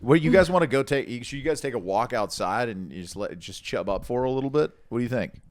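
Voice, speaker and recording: Animated man hosting a podcast. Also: medium pitch, fast. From Italian, Argentinian, Colombian heritage. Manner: animated, egging others on. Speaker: co-host. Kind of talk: casual podcast banter.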